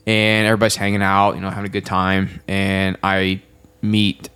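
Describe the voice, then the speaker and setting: A young man, a podcast co-host, telling a story in casual chat and acting out the quotes with lively energy. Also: sits low, normal speed, smooth. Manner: animated storyteller, acts out quotes.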